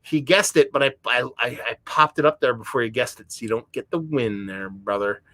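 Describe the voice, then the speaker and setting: A man hosting a livestream beer review, talking in a rambling, excitable, heavily profane way. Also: mid-range voice, a little fast, no echo, clean studio sound. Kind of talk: casual livestream chat. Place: home room.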